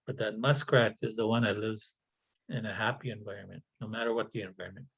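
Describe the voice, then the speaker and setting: A man telling a traditional story aloud over a video call, halting and repeating words with casual asides. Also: fairly low pitch, steady tone, vocal fry, fairly bright tone, breathy edge, poor audio.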